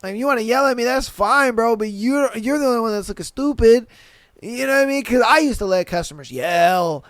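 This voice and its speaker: A young man hosting a podcast, telling a story in a slangy, animated way and swearing often. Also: very high voice, brisk, dry recording. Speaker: podcast host. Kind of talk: casual storytelling chat.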